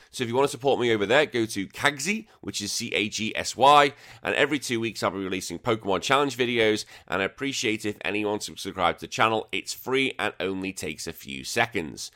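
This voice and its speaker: A man's voice: medium pitch, a bit bright. A man from the UK hosting a retro gaming podcast, chatting casually in a jokey, self-mocking way. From United Kingdom. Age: adult with a young daughter. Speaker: podcast host.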